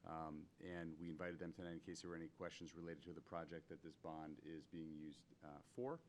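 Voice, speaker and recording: A man's voice: a bass voice, flat delivery, fairly quick, slight background noise. A man speaking at a town board meeting, explaining budget matters with many fillers. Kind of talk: public meeting remarks. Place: town hall meeting room.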